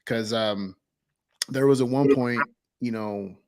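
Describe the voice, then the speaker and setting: A man hosting a podcast interview, enthusiastic and talking in halting bursts with fillers and restarts. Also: medium pitch, a little mellow. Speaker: podcast host. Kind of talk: casual interview.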